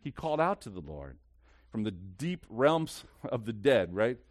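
A man preaching a sermon as pastor, swinging between loud, lively stretches and hushed, slow ones. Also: lowish voice, dry recording, clean studio sound.

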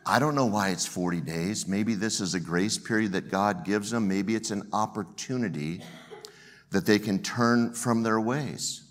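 A man's voice: lowish voice, a little slow. A man preaching a sermon as pastor, earnest and storytelling, often repeating the first word of a phrase.

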